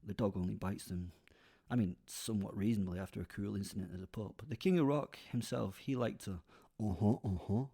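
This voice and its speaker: A man's voice: on the low side, brisk, gravelly, mellow, husky. A man narrating a darkly comic serial story, sardonic, with rambling asides and self-corrections. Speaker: narrator and lead character.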